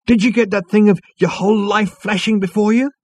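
A man reading a storybook and voicing a brash, excitable alien adventurer who talks loudly and boastfully in a raised voice. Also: sits high, brisk, slightly rough, no echo, pitched above the performer's own voice. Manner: loud, boastful and dogged.

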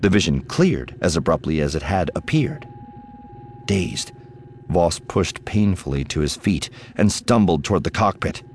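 Deep, slow male audiobook narrator. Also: slight background noise. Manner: measured, expressive storytelling. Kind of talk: scripted narration.

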